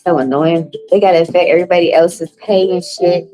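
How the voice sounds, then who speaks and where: A woman reading cards on a home livestream, loose and profane. Her pitch sits in a middle range but leaps high when she reacts. Faint music plays behind her. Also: steady tone, fairly quick, warm tone, rough recording. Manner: loose, profane, chatty, talks straight to viewers. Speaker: livestream card reader. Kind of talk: casual livestream tarot reading.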